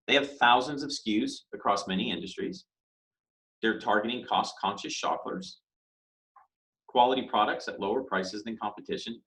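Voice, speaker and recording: A man lecturing on business in an easygoing, conversational way. He asks questions out loud and punches key words with sudden emphasis, at a middling pitch for a man. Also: low-quality recording. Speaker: business instructor.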